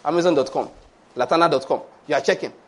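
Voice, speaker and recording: A male preacher with a fairly high, husky voice. He delivers a lively sermon, chuckles as he goes, and slips into little acted voices for the people he quotes. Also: fast. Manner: lively, laughs often, acts out quoted voices.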